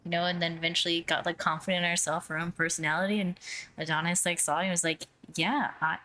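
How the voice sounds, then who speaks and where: A young woman chats as a player in a tabletop role-playing game. She rambles and leans heavily on fillers. Her voice sits on the low side. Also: level tone, fast talker, pushed and bright. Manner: rambling, filler-heavy, giggly. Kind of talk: casual tabletop role-play chat.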